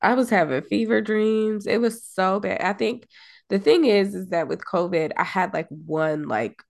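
A woman's voice: medium pitch, measured pace, vocal fry, darkish tone. A woman co-hosting a podcast while sick and out of breath, complaining in tired casual chat with speech. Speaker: podcast co-host.

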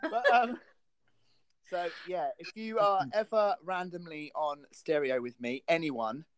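A woman's voice: deep voice, measured pace, no room sound. A woman hosting a comedy radio show, chatting playfully and giggling through silly stories. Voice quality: giggly, goofy, animated storyteller.

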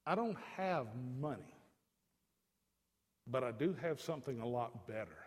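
A male pastor preaching a sermon, telling a story that moves from hushed asides to loud, fervent proclamation. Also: mid-range voice, expressive, unhurried. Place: church sanctuary. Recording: long reverb of a church hall.

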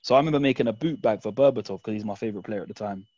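A man's voice: fairly low pitch, racing, darkish tone, lo-fi sound. Young man telling a story. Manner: candid, reflective storytelling with fillers. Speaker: podcast guest fan. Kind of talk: casual chat.

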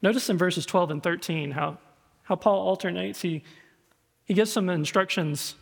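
A man's voice: high voice, moderate pace, vocal fry, husky. A male pastor preaching a sermon in a conversational, storytelling way, often repeating words. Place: church sanctuary. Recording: echoey hall reverb.

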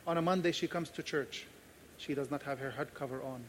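A man's voice: medium pitch, brisk, slight background noise. A man pastor preaching a sermon, earnest and emphatic, repeating key phrases and telling personal stories.

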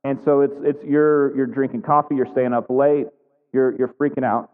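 A man's voice: medium pitch, flat delivery, normal speed. A man preaching a sermon in a conversational way, often asking his congregation questions. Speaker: pastor. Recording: tinny phone-like sound, long reverb in a hall.

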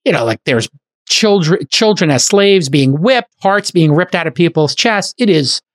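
A middle-aged man hosting a podcast in casual chat, talking quickly and enthusiastically with many "like" fillers. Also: a little high, animated. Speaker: podcast host.

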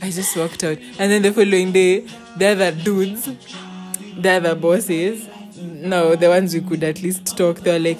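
A woman's voice: fairly low pitch, moderate pace, soft background music. A young woman, telling a story in casual chat and acting out the quotes in it. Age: young adult. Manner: animated, acts out quotes.

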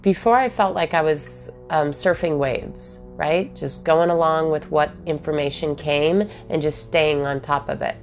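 A woman's voice: low voice, a little slow, hardly any pauses, faint music behind. A woman thinking aloud in a reflective personal monologue, with many fillers and questions to herself.

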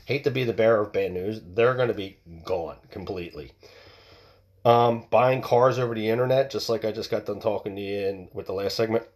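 A man's voice: lowish voice, brisk, a little mellow. A man hosting a show from home, ranting bluntly with plenty of swearing and restarts, into a home mic that picks up outside noise. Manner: blunt, profane, fired-up ranting with many restarts. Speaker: podcast host. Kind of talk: casual opinion rant.

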